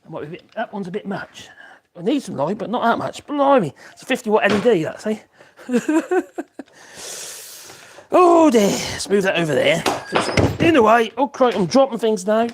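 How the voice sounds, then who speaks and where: A man's voice: sits high, sing-song, brisk, slight background noise. A man chatting casually while he works in his home workshop, rambling and exclaiming as he goes. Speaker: woodworking live streamer. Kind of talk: casual live-stream chat while working. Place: home workshop, a bit echoey. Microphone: external mic.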